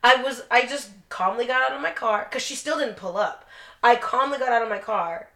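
A woman's voice: fairly high pitch, a little fast, sharp tone. A young woman co-hosting a podcast, telling a blunt, profanity-heavy story in casual chat. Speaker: podcast co-host. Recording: roomy echo.

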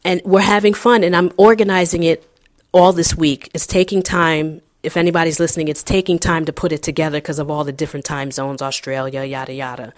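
A woman's voice: low voice, level tone, brisk. Fired-up woman ranting bluntly. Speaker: podcast co-host. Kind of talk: casual podcast chat.

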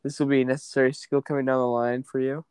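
A man's voice: mid-range voice, little pitch movement, quick pace, a little mellow, clear, resonant tone, no room sound. A man who acts on stage, chatting casually and teasing bluntly with a dry tone. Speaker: stage actor and podcast guest. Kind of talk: casual chat.

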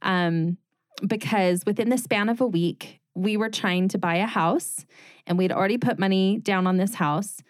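A middle-aged woman, once a news reporter and now a designer, tells her story as a guest in a casual interview, recorded dry with clean studio sound. Her mid-range voice moves at normal speed as she animatedly retells events, acting out quoted dialogue and laughing.

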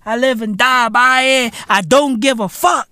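A man in his thirties hosting a podcast, ranting in a profane comedic monologue with laughter and loud outbursts. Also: very high voice, a little slow, clean tone, no room sound. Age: 30s. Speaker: podcast host.

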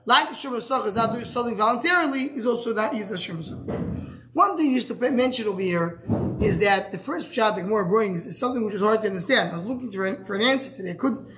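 Halting man teaching a Talmud class. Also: high voice, expressive, fairly bright tone. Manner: explains step by step, asks and answers himself; halting, restarts words. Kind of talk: live Gemara class.

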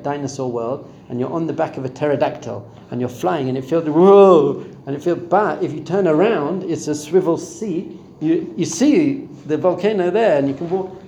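A man's voice: a little high, mellow. Guy giving a chatty torah class, asks the room lots of questions, roomy echo, faint hum behind. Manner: conversational, asks the audience questions. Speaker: spiritual teacher. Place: room with a live audience.

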